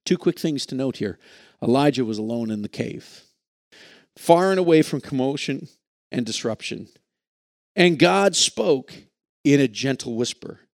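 A man's voice: mid-range voice, lively intonation, a little slow, long pauses, a little mellow, no room sound, clean studio sound. A man preaching a sermon in an earnest, reflective way, reading scripture and stumbling over a few words. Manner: earnest, reflective, with occasional restarts. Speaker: pastor.

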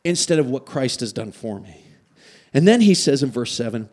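A man's voice: mid-range voice, normal speed. A man from Canada preaching a sermon, telling stories with animation and asking his listeners questions. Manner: animated storytelling, asks the audience questions. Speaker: pastor.

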